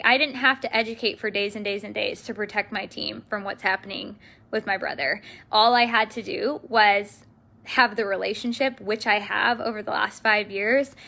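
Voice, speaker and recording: A woman's voice: mid-range voice, vocal fry, sharp tone. A woman giving an earnest, emotional live video address to her sales team, with many fillers.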